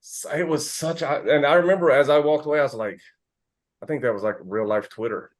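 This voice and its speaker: On a podcast he co-hosts, an American man with a voice on the high side talks fast, animatedly telling stories in casual conversation. He swears freely throughout.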